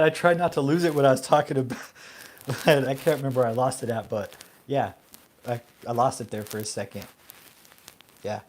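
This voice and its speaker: A man's voice: mid-range voice, a little hiss or hum. A man hosting his own channel, ranting casually, swearing often and laughing a lot between rambling remarks. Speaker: channel host. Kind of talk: casual vlog rant.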